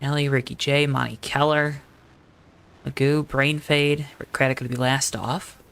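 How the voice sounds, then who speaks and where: A man calling a simulated stock car race in a calm, relaxed announcer voice, mixing play-by-play with easy chat. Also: medium pitch, normal speed, vocal fry, clean tone. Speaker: sim racing commentator. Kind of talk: play-by-play commentary.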